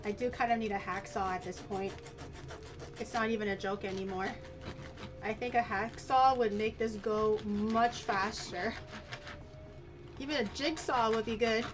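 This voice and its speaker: A woman's voice: on the high side, fairly even intonation, unhurried, pauses often, over music. A woman streamer chatting casually while cooking on a livestream, thanking viewers and switching between two languages.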